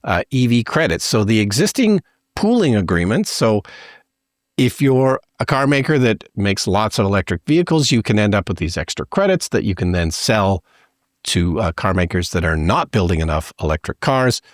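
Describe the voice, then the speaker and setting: A Canadian man co-hosting a podcast, talking through news stories in a relaxed way with plenty of fillers. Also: lowish voice, moderate pace, dry recording, clean studio sound. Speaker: podcast co-host. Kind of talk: casual news discussion.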